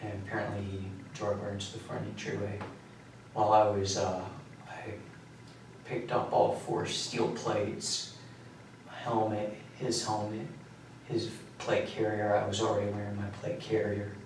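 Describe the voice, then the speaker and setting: A man in a police interrogation room, recounting events flatly and matter-of-factly, his voice often trailing off low. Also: unhurried, vocal fry. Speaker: suspect confessing. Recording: echoey room, mic far off, faint noise.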